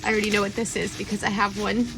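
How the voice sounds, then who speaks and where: A woman's voice: medium pitch, flat delivery, rapid-fire, vocal fry, very noisy. A woman talking casually to the camera as a vlogger who lives out of her vehicle, chatty and emotional, laughing and gasping often, speaking in and around her truck outdoors. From California. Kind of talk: casual vlog talk to camera.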